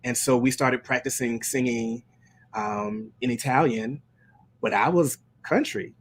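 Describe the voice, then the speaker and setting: With an unhurried, mid-range voice, a man who sings gospel and leads worship talks casually on a live stream. His storytelling wanders, with many restarts along the way.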